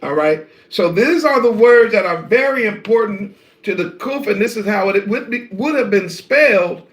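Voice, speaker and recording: A man teaching an online scripture lesson, animated and preacher-like, talking straight to his viewers. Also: high voice, moderate pace, roomy sound. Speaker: Bible teacher.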